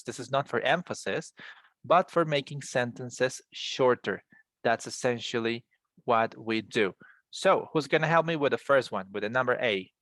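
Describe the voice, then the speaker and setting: A man's voice: medium pitch, fairly bright tone, no echo. Man, English teacher, encouraging, repeats words, video call, dry. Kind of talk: online class teaching.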